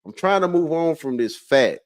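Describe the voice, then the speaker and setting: A man hosting a casual livestream chat, excitable and profane, jumping between loud outbursts and low muttering, and stumbling when he reads aloud. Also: normal speed, no room sound, poor audio. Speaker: livestream host.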